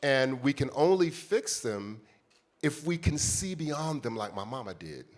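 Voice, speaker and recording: This American man in his fifties, a conference panelist, tells the audience a heartfelt story from his own life. His mid-range voice is sing-song and unhurried.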